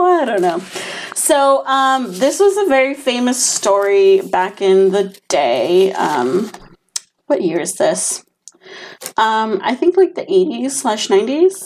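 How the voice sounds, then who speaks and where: A woman's voice: on the high side, animated, moderate pace, a little hiss or hum. Chatty young woman telling stories. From another country. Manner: chatty, storytelling, lots of fillers. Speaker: podcast co-host. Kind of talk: casual chat.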